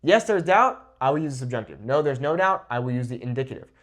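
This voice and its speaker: A young man teaching a Spanish grammar lesson at a whiteboard. He slows down to say each example clearly and keeps checking in with "okay?". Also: mid-range voice. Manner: lively, repeats "okay?" after each example; slows down to model Spanish pronunciation.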